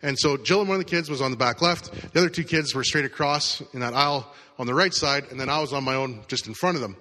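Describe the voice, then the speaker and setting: Middle-aged guy preaching, chatty storyteller, bright edgy voice, big hall echo. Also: mid-range voice, fast. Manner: casual, conversational storytelling with acted quotes. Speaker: pastor. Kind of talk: sermon with storytelling. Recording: long hall reverb.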